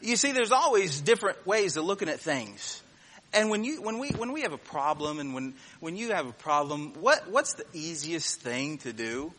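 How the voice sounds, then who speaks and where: Bright-voiced preacher man, folksy and animated. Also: normal speed, slight background noise. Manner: folksy storytelling, acts out voices, chuckles at own jokes; drops to a quiet, low voice when turning serious. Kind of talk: sermon.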